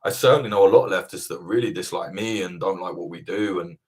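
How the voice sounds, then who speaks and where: A man hosting a livestream Q&A, chatting casually, swearing freely and rambling with lively energy. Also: low-pitched, fast. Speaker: host of livestream Q&A.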